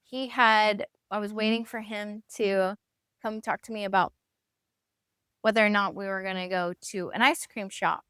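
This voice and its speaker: A woman's voice: medium pitch, steady tone, normal speed, fairly bright tone, clear, resonant tone, dry recording, clean studio sound. A woman in her thirties hosting a faith podcast, telling a personal story candidly and acting out the voices she quotes. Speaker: podcast host.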